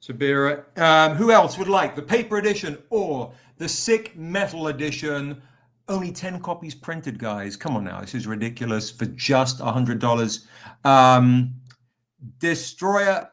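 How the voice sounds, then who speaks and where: A man with a fairly high voice runs a casual live stream, greeting viewers by name and pushing comic editions with chatty enthusiasm. He sounds a little tired, as if still recovering, but keeps the pitch upbeat. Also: expressive, a little slow, a bit bright. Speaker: livestream host selling comics.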